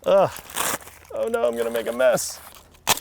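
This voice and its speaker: A man's voice: extremely high pitch, fairly even intonation, normal speed, gravelly, noisy background. A man hosting home repair videos, chatting casually and muttering in an exasperated, self-mocking way while he works outdoors.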